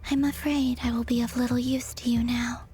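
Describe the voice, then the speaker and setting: A woman voicing a weary, fading frost moon goddess in a game, in a breathy, solemn whispered role-play. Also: fairly high pitch, flat delivery, mellow, lightly acted. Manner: solemn, sorrowful, measured.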